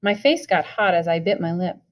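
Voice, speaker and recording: A woman reading a novel chapter aloud in a steady, expressive way. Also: lowish voice, fairly quick. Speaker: reader.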